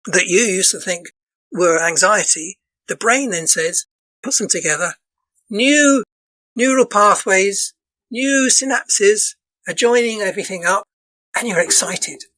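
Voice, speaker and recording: A man with a voice going hoarse, a dance counsellor explaining things earnestly as a podcast guest, looping back and restarting his phrases as he talks. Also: high voice, animated, a little slow, sharp tone, no echo, poor audio. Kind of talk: casual podcast interview.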